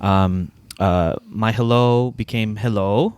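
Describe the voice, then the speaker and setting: A man's voice: lowish voice, normal speed, no room sound, clean studio sound. A man co-hosting a podcast in casual chat, laughing often as he tells stories. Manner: laughs often, slips into a sing-song accent when quoting himself. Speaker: podcast co-host.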